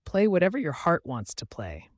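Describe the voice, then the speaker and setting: A man's voice: a little high, huge pitch swings, normal speed, no echo, clean studio sound, pitched above the performer's own voice. A man voicing a successful, driven businessman who speaks earnestly and urgently.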